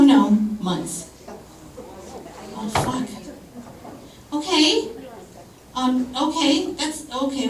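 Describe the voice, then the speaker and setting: Woman doing dark stand-up in a club. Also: mid-range voice. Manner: conversational storytelling, dark humor, blunt swearing. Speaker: stand-up comedian. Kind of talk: stand-up comedy set. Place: comedy club stage. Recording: roomy club sound from far off with audience noise.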